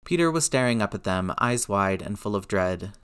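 Man reading a story out loud, low voice, even and steady. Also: moderate pace, smooth. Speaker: reader. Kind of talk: reading fan fiction aloud.

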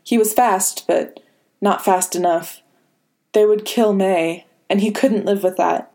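A woman reading a story aloud as narrator in a measured, dramatic way. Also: medium pitch, steady tone, dark tone. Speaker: fan fiction reader. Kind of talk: scripted narration.

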